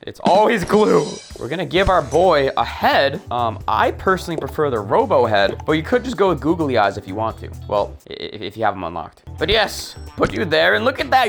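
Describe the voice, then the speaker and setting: Young male gaming host, lively pitch, jokey, faint music under. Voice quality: playful, jokey, animated. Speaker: gaming YouTuber. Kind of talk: comedic game tutorial. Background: faint background music.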